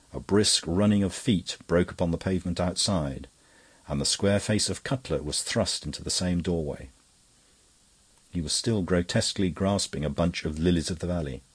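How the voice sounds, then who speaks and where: A man narrating an audiobook with a measured, even reading style. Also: low-pitched, slightly rough. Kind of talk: scripted narration.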